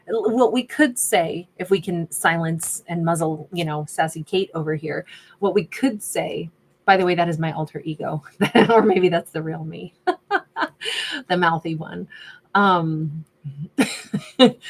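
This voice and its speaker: A woman doing a casual tarot reading, chatty and sassy, laughing often and reading out viewer names. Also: lowish voice. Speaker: tarot reader.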